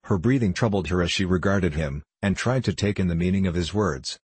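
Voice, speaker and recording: A man narrating a novel in a measured, even manner. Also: deep voice, husky, no room sound. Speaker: audiobook narrator. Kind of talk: scripted narration.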